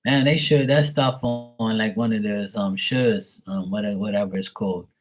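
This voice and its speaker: A man's voice: on the low side, fairly even intonation, moderate pace, soft background music. A man hosting a live stream, telling jokey stories in casual, profane chat and laughing often. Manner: profane, joking storyteller who laughs often. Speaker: livestream host.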